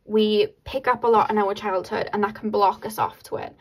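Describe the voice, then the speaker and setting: A woman giving a casual pick-a-card tarot reading to her viewers, excitable and laughing often between many filler words. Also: medium pitch, normal speed, breathy edge, low-quality recording.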